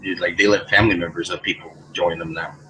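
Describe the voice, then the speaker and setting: A man's voice: sits low, steady tone, fast, noisy background. A man in casual chat, talking hesitantly and often repeating words as he starts.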